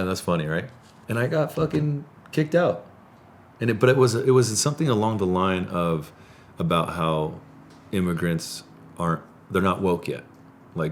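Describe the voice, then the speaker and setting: A man hosting a podcast in a studio, telling animated stories in casual chat and laughing often. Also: low-pitched, slight background noise. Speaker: podcast host.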